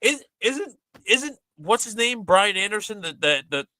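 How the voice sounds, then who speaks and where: A man's voice: high-pitched, very animated, a little slow, bright, forceful tone, dry recording, low-quality recording. A man hosting a casual sports podcast, ranting animatedly with exasperation. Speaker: podcast host.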